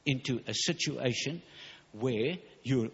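Male preacher, husky voice, emphatic and rushed, dull hall recording. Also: medium pitch. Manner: fervent, emphatic, rushing with stumbles. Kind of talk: sermon.

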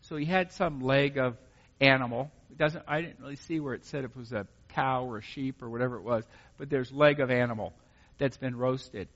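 A man reading scripture aloud and explaining it in a relaxed, conversational way, thinking aloud as he goes. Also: mid-range voice, a little fast. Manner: conversational, thinks aloud, plain-spoken asides. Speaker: Bible study teacher. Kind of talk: informal scripture reading and commentary. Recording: muffled recording with long hall reverb.

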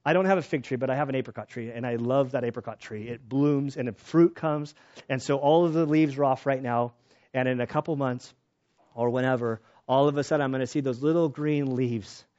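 A pastor preaches casually and conversationally, sharing personal stories and growing animated when excited. His mid-range voice moves briskly, and the recording sounds muffled.

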